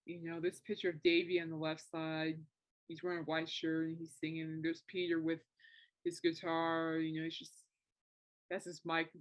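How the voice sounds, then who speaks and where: On her own podcast, a thirty-something woman talks casually and meanders, circling back with fillers and false starts, her emotion still evident. Her voice is deep, delivered at normal speed with a completely flat tone.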